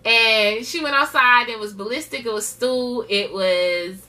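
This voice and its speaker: A woman's voice: a little high, unhurried, sharp tone. A woman giving a chatty, gossipy recap of a reality TV episode, laughing often. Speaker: TV show reviewer. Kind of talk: casual show recap.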